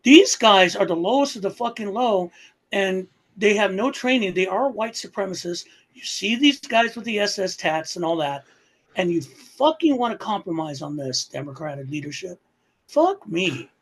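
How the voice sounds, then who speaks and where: A man's voice: sits high, expressive, normal speed. A man hosting a political talk show, heated and profane, his voice jumping up in anger. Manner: angry, profane, swings loud. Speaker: podcast host.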